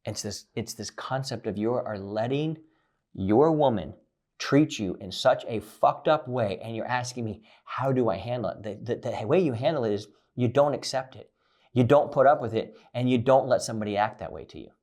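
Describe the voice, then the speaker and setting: Blunt, profane male relationship coach. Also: moderate pace. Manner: blunt and profane, swings between loud emphasis and low quiet lines. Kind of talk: direct coaching monologue.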